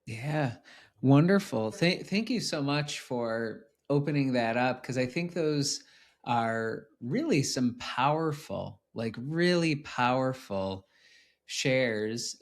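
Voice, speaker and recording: A man's voice: mid-range voice, lively intonation, slow pace. A man hosting a podcast, responding to his guest in an appreciative, affirming way. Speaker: podcast host. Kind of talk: casual interview chat.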